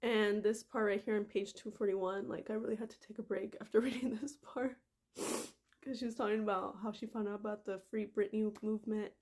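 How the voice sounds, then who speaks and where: A woman's voice: medium pitch, fairly even intonation, a little fast, a little mellow. A woman vlogging casually, reading passages aloud and talking with lots of fillers. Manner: gushing, filler-heavy, uses "like" and "freaking". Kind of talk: casual emotional vlog.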